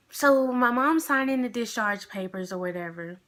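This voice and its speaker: A woman's voice: fairly high pitch, animated, a little slow, a bit bright. A young adult woman telling a casual storytime vlog, chatty and rambling with lots of fillers. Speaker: vlogger.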